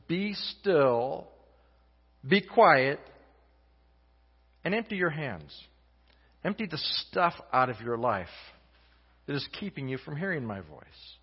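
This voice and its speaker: A male guest pastor preaching a sermon in an earnest, halting way, with many restarts and swings between loud and soft. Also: fairly high pitch. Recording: muffled sound in a reverberant hall.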